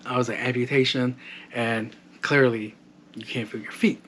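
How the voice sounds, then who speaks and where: A man's voice: medium pitch, steady tone, moderate pace, a bit bright, a little hiss or hum. A man in his thirties hosting a podcast, telling his own story in a blunt, profane, casual way and acting out the dialogue. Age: 30s. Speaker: podcast host. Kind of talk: casual monologue.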